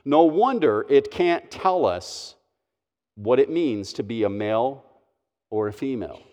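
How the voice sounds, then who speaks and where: Slow, emphatic male preacher in a hall. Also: medium pitch, expressive, darkish tone. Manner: earnest, emphatic preaching with slow stressed phrases. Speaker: pastor. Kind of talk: sermon.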